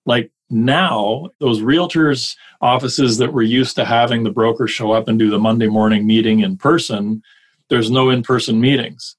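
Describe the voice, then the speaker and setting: A man coaching mortgage brokers in a casual podcast conversation, energetic and quick to rattle off lists of examples. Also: medium pitch, slightly rough.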